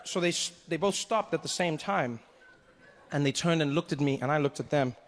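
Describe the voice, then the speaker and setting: A male stand-up comedian telling a story on a live stage, animated and acting out characters as he goes. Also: fairly high pitch, normal speed, in a large hall. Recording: live show with audience noise.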